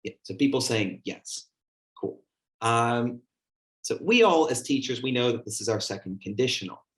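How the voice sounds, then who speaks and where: A teacher trainer leads an online teaching workshop, his mid-range voice expressive and a bit bright at a normal speed. He's chatty and heavy on fillers as he demonstrates the way he talks to a class.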